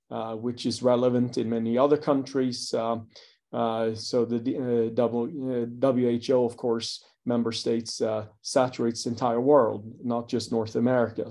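A man's voice: mid-range voice, dark tone. Hesitant man giving an academic talk. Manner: hesitant, many fillers, dry asides. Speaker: psychology lecturer.

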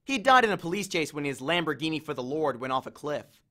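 A man reading a novel chapter aloud with an expressive, animated delivery. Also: fairly high pitch, fast. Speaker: audiobook reader. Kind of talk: storybook reading.

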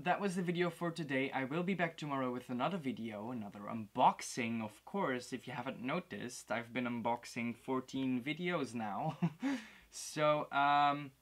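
A man hosting a casual unboxing video, talking in an excitable, gushing way. He exclaims and laughs often as he goes, with a voice at a middling pitch for a man. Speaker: host of a toy unboxing series.

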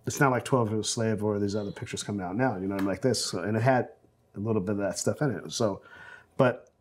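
Quick-paced and lowish in voice, a South Central Los Angeles film director in his forties tells anecdotes during an oral history interview. His delivery is animated, he acts out the quotes, and fillers pepper his speech.

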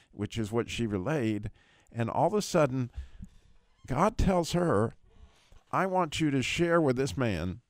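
Animated man retelling a testimony. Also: medium pitch, dry recording, studio quality. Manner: animated storyteller, voice leaping up at emotional peaks. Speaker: radio prayer show host.

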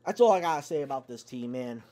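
Angry, foul-mouthed fan ranting. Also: male voice, mid-range voice, animated, quick pace, warm tone. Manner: angry, profane, swearing constantly. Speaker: YouTube sports fan ranter. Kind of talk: profane sports fan rant.

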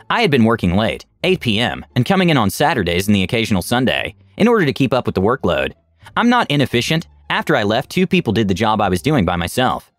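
A man reads online stories aloud in a scripted, expressive way. His pitch moves a lot and keeps the telling lively. The recording is dry, with faint music underneath. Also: no echo. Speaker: story narrator.

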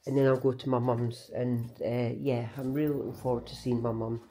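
A woman's voice: very deep voice, level tone, fairly quick, warm tone, slight background noise. A Scottish woman talking casually to her vlog camera, chatty and rambling, often restarting and correcting herself. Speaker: vlogger.

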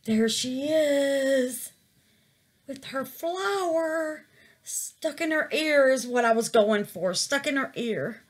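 In this casual crafting vlog, a middle-aged woman talks through her resin project in a high, slow voice. She's chatty, calls her viewers babies, and exclaims to the Lord.

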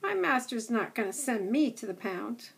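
A woman voicing an old male setter dog who is gruff, blunt and a know-it-all. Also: fairly high pitch, big pitch swings, normal speed, full character voice. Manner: blunt, scoffing, chatty.

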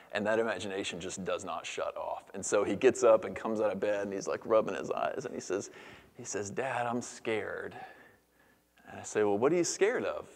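Pastor guy preaching, kinda low voice, goes soft and whispery then lively, big hall reverb. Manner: earnest, shifts between hushed near-whispers and lively storytelling. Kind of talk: sermon. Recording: long reverb of a church hall.

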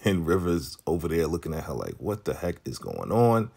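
Deep-voiced man recapping a TV episode. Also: normal speed, gravelly. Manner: animated, acts out characters' lines while retelling, laughs often. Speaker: recap host.

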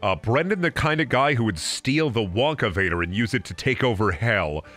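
Young male streamer, lively swinging pitch, bright tone; brash game commentary, lots of swearing. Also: normal speed. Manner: loud, swearing, jumps into silly voices. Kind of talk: casual gameplay commentary.

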